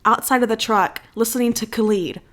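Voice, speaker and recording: Animated young woman telling a story. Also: on the high side, a little fast, a loud crowd. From United States. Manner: animated, swearing, acts out quoted voices. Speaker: podcast co-host. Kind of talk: casual storytelling chat.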